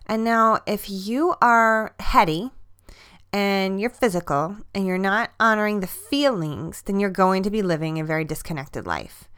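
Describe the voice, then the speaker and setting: A woman's voice: mid-range voice, fairly bright tone, smooth. A woman hosting a podcast, talking in an earnest, emphatic way about mind, body and feelings, and repeating words for stress. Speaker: podcast host, fitness coach. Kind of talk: personal motivational monologue.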